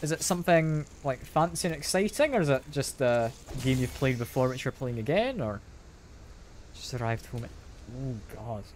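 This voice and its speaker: Young Scottish man, casual gaming stream chatter, mid pitch, faint room ambience. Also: lively intonation, moderate pace, a little hiss or hum. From Scotland. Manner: chatty, self-deprecating, answers chat aloud with soft laughs. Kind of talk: casual live-stream chat while gaming. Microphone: sensitive desk mic.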